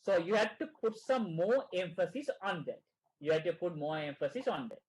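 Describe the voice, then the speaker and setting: A man with a high-pitched voice coaches students through exam preparation in an online session. He talks in short repeated phrases and keeps checking in with "right?" after nearly every point. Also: animated, normal speed, rough recording. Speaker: exam prep tutor.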